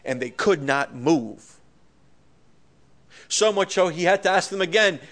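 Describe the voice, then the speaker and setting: A man's voice: sits high, expressive, takes it slowly, long pauses, fairly bright tone. A man preaching a sermon with passion, his voice swelling and dropping, with stammered restarts. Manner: impassioned, rising and falling in volume, with stammered restarts.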